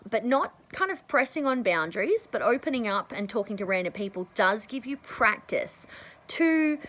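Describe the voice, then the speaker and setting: A woman vlogger giving casual advice to the camera, rambling and chatty, often clearing her throat. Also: poor audio. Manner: bursts into high excited tones when acting out conversations.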